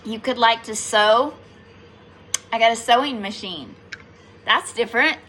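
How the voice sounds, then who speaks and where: Chatty, bright-voiced spiritual reader woman. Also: fairly high pitch, expressive, unhurried, long pauses, breathy edge. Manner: chatty and playful, laughing often, swearing casually. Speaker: tarot reader. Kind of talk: casual spiritual reading to viewers.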